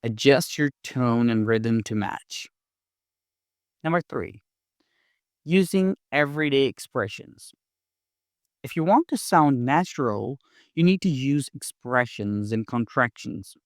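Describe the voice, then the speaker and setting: Male language teacher, unhurried delivery, dry close sound, instructive scripted tone. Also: mid-range voice, expressive, dry recording. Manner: clear, deliberate, instructive delivery. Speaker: English teacher. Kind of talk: scripted lesson narration.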